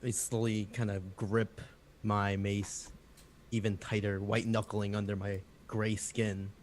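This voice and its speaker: A man's voice: on the low side, flat delivery, slow pace, a little hiss or hum. A man playing a tabletop game, hesitantly describing his character's actions. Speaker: player.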